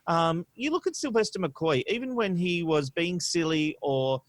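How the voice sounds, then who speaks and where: A man co-hosting a casual podcast, his voice slightly on the high side and recorded close and dry. He talks in an animated, opinionated way, leaning on "you know" and "um" as he makes his points. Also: normal speed, dry recording. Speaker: podcast co-host. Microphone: studio microphone.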